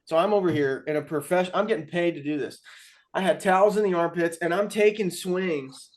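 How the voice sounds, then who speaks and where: A young man with a slightly raised pitch chats casually on a podcast. He tells baseball stories in an animated way and acts out what other people said. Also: brisk. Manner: animated storytelling with acted-out quotes. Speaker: podcast co-host. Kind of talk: casual chat.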